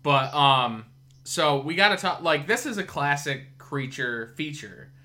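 A man's voice: fairly high pitch, expressive, a little slow, sharp tone. A man hosting a podcast in casual chat, rambling with lots of fillers and swearing. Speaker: podcast host.

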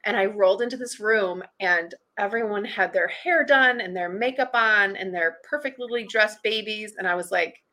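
A woman's voice: medium pitch, moderate pace, few pauses, bright, forceful tone. A woman on a podcast as a guest, telling a candid personal story in a chatty way, with lots of "like" and acted-out past thoughts. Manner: chatty, heavy use of "like", acts out past thoughts.

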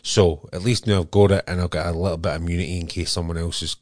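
A man's voice: sits low, fairly even intonation, fast, darkish tone, no room sound, clean studio sound. A man with a Scottish accent co-hosting a podcast in an easygoing casual chat, full of "um". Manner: easygoing, peppered with "um". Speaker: podcast co-host.

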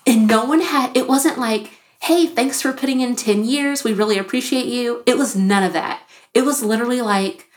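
A woman in her thirties, a podcast guest telling her own story in casual talk, animated, with frequent "like" fillers and acted-out quotes. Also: on the high side, moderate pace. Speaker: podcast guest, business founder.

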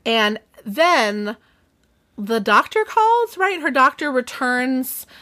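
A woman's voice: high voice, takes it slowly. A young woman casually recapping a book on a podcast, acting out the characters' lines as she goes. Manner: lively, acts out quotes in voices. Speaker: podcast co-host. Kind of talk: casual book discussion chat.

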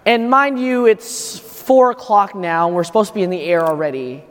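This priest delivers a Mass homily as relaxed storytelling about his own life, musing out loud. He has a high, fairly bright voice at a moderate pace, and the surrounding church hall stretches each sentence into a long, echoing tail.

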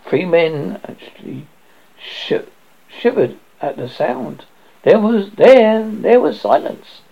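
A man narrating a ghost story aloud in a halting way, often stumbling over words. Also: high-pitched, expressive, gravelly. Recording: dull lo-fi recording.

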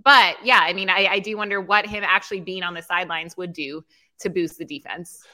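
A woman with a sharp, bright voice in casual sports talk. She co-hosts a post-game show in a chatty, teasing way. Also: on the low side, fairly even intonation, brisk.

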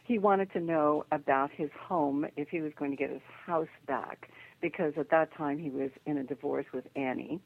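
Low gravelly older woman on a phone line. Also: normal speed. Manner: lively narration with acted quotes and laughter. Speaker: psychic guest. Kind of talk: animated storytelling.

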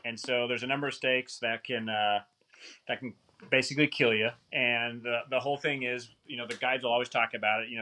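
A man telling a long story in a casual, animated, rambling way, often poking fun at himself. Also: mid-range voice, brisk. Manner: animated, rambling, self-mocking.

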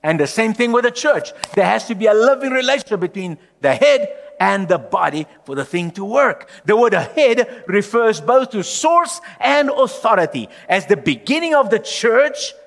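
A man preaches a sermon in a high voice, pressing his points with emphatic repetition. His voice rises to loud declarations and drops to hushed, low lines. A long reverb trails each phrase, as in a church. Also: sing-song, normal speed, creaky. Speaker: pastor.

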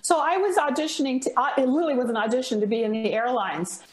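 A woman's voice: high voice, quick pace, roomy sound. A woman, a voice coach, telling a story in a casual chat and acting out the people in it. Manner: expressive, acts out dialogue in the story. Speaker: guest, voice coach.

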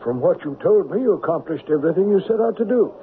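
An actor playing a loyal, earnest doctor companion who is easily puzzled and stammers a little, in an old radio drama. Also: male voice, sits high, animated, quick pace, phone-quality sound, a little hiss or hum. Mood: teasing. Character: loyal, eager male doctor companion and narrator. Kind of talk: 1940s radio acting. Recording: thin old radio broadcast over music.

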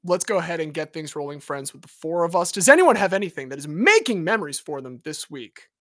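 A man's voice: a little high, big pitch swings, fast, bright, forceful tone. A man hosting a casual sports podcast, upbeat and jokey. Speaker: podcast host.

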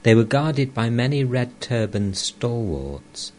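A man reading a spiritual text aloud in a measured, deliberate way. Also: mid-range voice, very animated, darkish tone, slight background noise. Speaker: audiobook reader.

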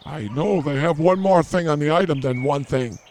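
A man's voice: on the high side, normal speed, darkish tone, slight background noise. A man hosting an improvised comedy podcast outdoors at a zoo, teasing his co-host with mock outrage and rambling jokes.

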